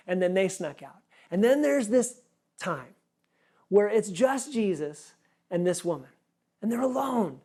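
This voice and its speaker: A man's voice: high voice, moderate pace, warm tone. Earnest man preaching a sermon. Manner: earnest, repeats words for emphasis. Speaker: pastor.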